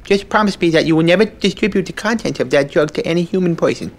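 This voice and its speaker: A man's voice: a little high, fast talker, lightly acted. An actor playing a shy, earnest young man who stammers and speaks in an overly formal, polite way.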